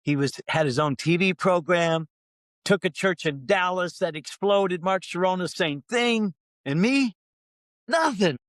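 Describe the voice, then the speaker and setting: A middle-aged man, a pastor, telling a personal story on a podcast and acting out his own prayers, his voice climbing as he gets excited. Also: a little slow, dry recording. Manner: animated storyteller who acts out his own prayers, pitch rising when excited.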